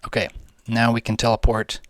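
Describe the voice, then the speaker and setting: A man's voice: medium pitch, monotone, brisk, no echo. A young man giving casual, rambling gameplay commentary, slangy, jokey and swearing freely. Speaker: gaming video host.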